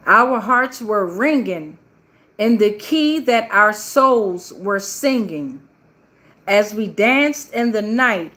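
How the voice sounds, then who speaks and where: Slow-speaking woman giving a spiritual reading. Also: on the high side, a bit bright. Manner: slow, drawn-out, affirming delivery with repetitions. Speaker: tarot reader and spiritual channel host. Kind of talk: spiritual tarot reading, casual and affirming.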